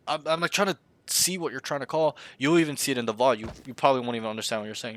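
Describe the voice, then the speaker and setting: A man coaching a student through a match review, talking bluntly and swearing freely. His voice is bright and forceful, recorded dry and close with no room sound. He often acts out team callouts to show how they should sound. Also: mid-range voice, quick pace, no room sound. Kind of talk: casual coaching session.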